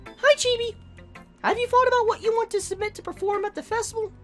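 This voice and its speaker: A woman voicing a cheerful teenage girl who is a club president, reading game dialogue aloud in a bright, friendly, encouraging way. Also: extremely high pitch, fairly even intonation, fast, faint music behind, pitched above the performer's own voice.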